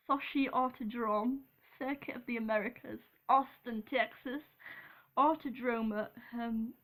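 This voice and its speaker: A young woman from Britain talking casually to her viewers. She is giggly and rambling, often pausing on an um. She speaks slowly, in a slightly raised pitch. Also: a bit bright. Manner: giggly, rambling, apologetic, with frequent ums. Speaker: vlogger. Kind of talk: casual chat.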